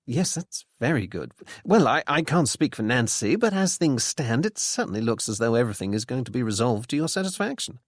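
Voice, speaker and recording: Ironic young gentleman detective, mock-innocent, lively pitch, as a narrator plays him, dry reading. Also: brisk, hardly any pauses, dry recording.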